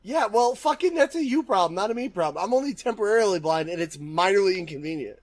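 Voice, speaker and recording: High-voiced profane podcast host. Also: male voice, animated. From Connecticut. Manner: profane, jokey, quick comebacks. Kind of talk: casual banter.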